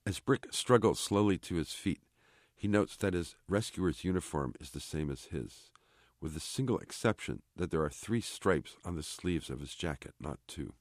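A man, the author, reading a chapter of his novel aloud in a measured, even way. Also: sits low, no echo, studio quality. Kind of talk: literary reading.

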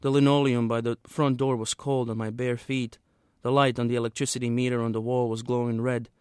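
A man, the author, reading a passage from his own novel aloud in a steady, measured way. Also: medium pitch, smooth, no echo, clean studio sound.

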